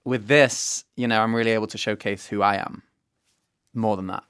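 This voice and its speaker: Young british performer guest, chatty and self-deprecating, close dry sound. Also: male voice, fairly low pitch, steady tone, moderate pace, fairly bright tone, clear, resonant tone, dry recording. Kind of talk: casual interview chat.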